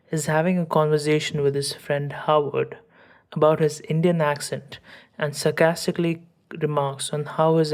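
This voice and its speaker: A woman podcast host reading a scripted essay in a measured, academic way. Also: deep voice, darkish tone.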